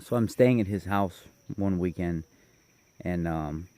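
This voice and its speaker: Man spinning a long story, low and mellow. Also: a little slow. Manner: rambling, self-correcting, detailed. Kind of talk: casual spoken storytelling.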